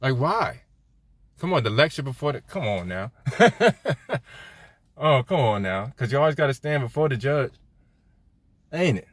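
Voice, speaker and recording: A man's voice: medium pitch, lively intonation, moderate pace, pauses often, no room sound. Casual, chatty Bible-teaching man. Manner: conversational, peppers lines with "right?", laughs often; chats with viewers while reading scripture aloud.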